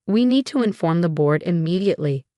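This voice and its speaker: A woman reading the lines of a stern male lab director in a measured, serious way. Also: lowish voice, lively intonation, warm tone, no echo, clean studio sound, close to an everyday voice.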